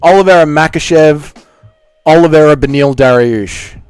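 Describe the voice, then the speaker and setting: A man's voice: a little high, normal speed, darkish tone, clear, resonant tone, no room sound, faint music behind. A young man hosting a casual livestream, reading chat comments aloud with profane, self-mocking banter. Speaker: livestream host.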